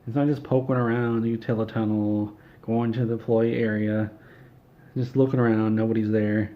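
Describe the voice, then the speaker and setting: Low-voiced man rambling through an absurd tale. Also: level tone, a little fast, dull audio. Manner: rambling, offhand, with fillers and restarts. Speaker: storyteller. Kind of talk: comedic absurd storytelling.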